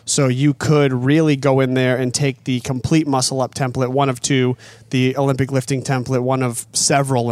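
A man's voice: medium pitch, darkish tone, dry recording. A man coaching athletes on an off-season training program, explaining it plainly in casual chat and pressing hard on the value of running.

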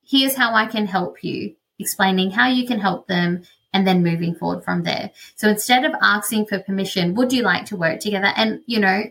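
A woman's voice: medium pitch, moderate pace, gravelly, fairly bright tone. A woman hosting a solo business podcast, explaining sales technique in a conversational way with frequent fillers. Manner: conversational, explanatory, many "you know" fillers. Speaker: podcast host, business consultant.

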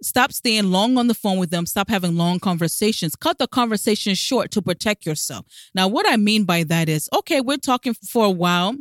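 A woman's voice: mid-range voice, expressive, a little fast, few pauses, no room sound, clean studio sound. Smiling woman giving emphatic advice. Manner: emphatic, coaching, rhetorical questions; talks with a smile in her voice. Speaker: dating advice coach. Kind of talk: direct-to-camera advice talk.

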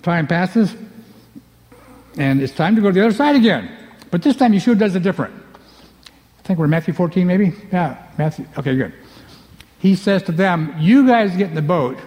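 Animated preacher in a reverberant hall. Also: male voice, high voice, a little fast, long pauses. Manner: animated, acts out scenes, swings from loud to hushed. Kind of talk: sermon. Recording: long reverb of a large hall.

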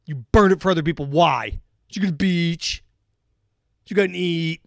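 Male sports radio host, high-pitched and angry, sarcastic heated monologue, dry close mic. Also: moderate pace, creaky, no room sound. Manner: heated, sarcastic, repetitive emphasis.

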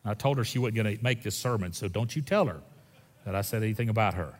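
A man preaching a sermon as a pastor, folksy and animated, moving between loud stretches and hushed ones. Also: fairly low pitch, fast. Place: church sanctuary. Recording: long reverb in a large hall.

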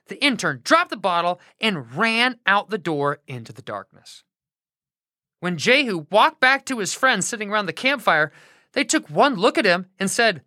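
A woman narrating a children's Bible story in a playful, expressive way, close to the mic. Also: medium pitch, normal speed, no room sound.

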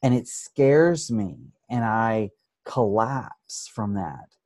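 A man who works as an addiction therapist, explaining his approach in an interview with thoughtful pauses and frequent restarts. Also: on the low side, animated, a little mellow, no echo. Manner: thoughtful, many restarts, acts out examples.

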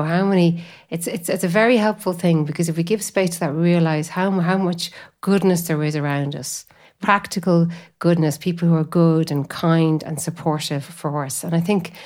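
A woman guest talking about faith in a relaxed conversation, rambling and leaning on "you know" as she thinks aloud. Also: deep voice. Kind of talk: conversational spiritual talk.

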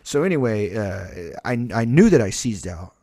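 A man's voice: on the low side, very animated, normal speed, warm tone, dry recording, clean studio sound. A young adult man telling a long, profane, rambling story in casual podcast chat. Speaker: podcast host.

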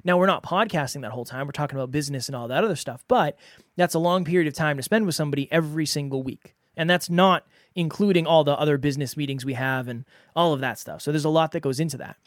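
A man's voice: a little high, fast talker, no echo. Earnest male podcast host, dry sound. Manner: earnest, conversational, repeats for emphasis. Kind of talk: solo podcast advice talk.

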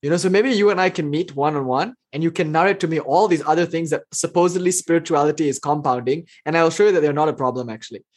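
A man giving a casual spiritual talk, telling stories and acting out quotes with big jumps in pitch. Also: quick pace, hardly any pauses. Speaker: spiritual teacher.

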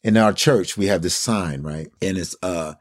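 Earnest deep-voiced man preaching. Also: normal speed, no echo. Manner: earnest, preacherly, builds lists of phrases. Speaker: co-host of a Bible study talk. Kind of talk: casual Bible study discussion.

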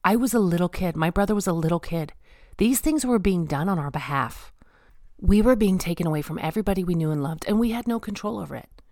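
A woman's voice: fairly low pitch, animated, fast talker, mellow, dry recording, studio quality. A woman giving a personal faith testimony, talking earnestly to her listeners and stressing points through repetition. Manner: addresses listeners directly. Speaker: speaker sharing her faith story.

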